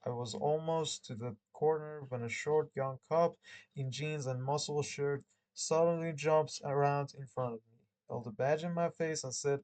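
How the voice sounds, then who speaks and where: A man's voice: medium pitch, fairly even intonation, a little slow, a little mellow, rough recording. A man who hosts his own channel chats casually and reads a book aloud, often rambling, correcting himself and laughing. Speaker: channel host.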